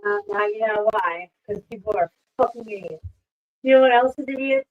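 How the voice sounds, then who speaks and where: A woman with a fairly high voice rants casually on a livestream. She swears freely and shouts at her pets. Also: normal speed, dull audio. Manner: profane ranting, yelling at her pets. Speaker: streamer.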